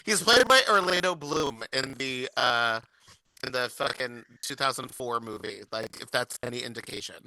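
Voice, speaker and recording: Bright, excitable man on a podcast. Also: medium pitch, moderate pace, creaky, dry recording, low-quality recording. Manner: excitable, stammering restarts, sarcastic asides. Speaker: podcast co-host. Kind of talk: casual recap chat.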